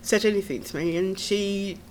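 A woman's voice: medium pitch, fairly even intonation, moderate pace, a little mellow. A middle-aged woman, a podcast guest telling her own story in an earnest, tumbling way, with nervous laughs. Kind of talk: personal storytelling.

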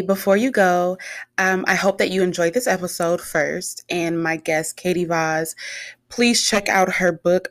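A chatty woman hosting a podcast, talking casually and affirming her guest often. Her voice sits a little low, and the recording is dry and close. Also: dry recording. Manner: chatty, lots of affirming yeses. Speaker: podcast host.

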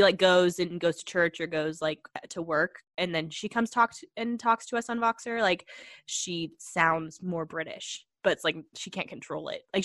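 Rambling low-voiced woman. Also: fairly bright tone, no echo, clean studio sound. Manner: rambling, laughs often, many fillers. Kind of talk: casual chat.

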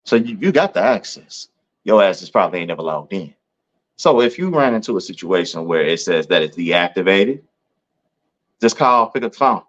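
A man co-hosting a podcast, telling a work story in casual chat, acting out other people's lines in a higher voice and often asking "you know what I'm saying". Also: moderate pace. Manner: animated, acts out quoted voices in a higher pitch. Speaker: podcast co-host. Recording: dull lo-fi sound.

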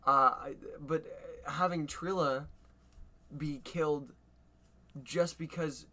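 A young man co-hosting a casual podcast, excitable and gushing as he chats. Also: on the high side, takes it slowly, slight background noise. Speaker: podcast co-host. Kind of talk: casual chat.

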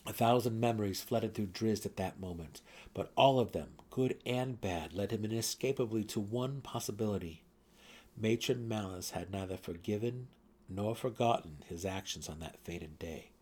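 A man reads a fantasy novel in a dramatic manner, with a low, husky voice. His delivery swells louder for tense moments and drops to hushed tones. The reading is steady and immersive. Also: normal speed. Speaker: audiobook narrator.

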